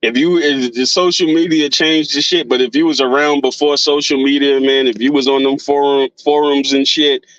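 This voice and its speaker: A man's voice: mid-range voice, fairly even intonation, moderate pace, few pauses, fairly bright tone, dry recording, muffled recording. A man talking in a casual, earnest way as a guest, cursing freely and repeating himself as he makes his point.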